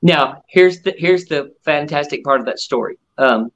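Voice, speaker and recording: A man's voice: on the high side, moderate pace, fairly bright tone, muffled recording. A middle-aged man and ventriloquist guest, telling stories in a casual interview and acting out other people's lines with animation.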